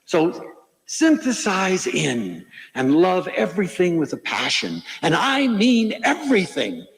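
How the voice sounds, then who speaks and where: A man's voice: high voice, slow, creaky. An older man giving a humorous, inspirational lecture, telling stories with playful asides. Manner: animated storytelling with playful asides. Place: lecture hall. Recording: hall reverb from a lecture stage.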